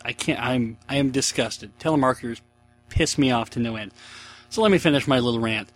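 A man in his thirties talks through a casual solo podcast in a mid-pitched voice. He rambles from one aside to the next and pokes fun at his own laziness. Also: fairly quick. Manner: rambling, self-mocking, chatty. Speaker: podcast host.

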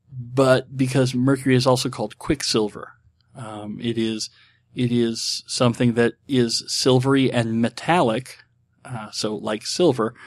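A man's voice: medium pitch, no echo. A middle-aged man hosting and answering viewer questions in casual talk. His speech is rambling and reflective, with many restarts and filler words.

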